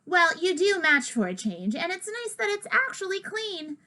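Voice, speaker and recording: A woman's voice: very high-pitched, big pitch swings, normal speed, sharp tone, voice pushed up, exaggerated voice. A woman reader voicing a patient, mildly exasperated mother who gives in. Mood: relenting.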